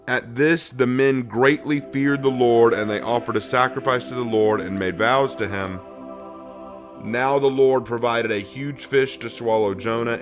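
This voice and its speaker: A man teaching a Bible study in a sermon style, swinging between emphatic bursts and slow, hushed phrases and acting out the people he quotes. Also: mid-range voice. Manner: acts out quoted speech with lively shifts in voice.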